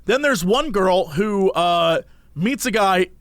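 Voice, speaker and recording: High-voiced man telling lively stories. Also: slow pace, no room sound, clean studio sound. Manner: animated storytelling, acting out quotes. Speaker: podcast co-host. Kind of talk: casual chat.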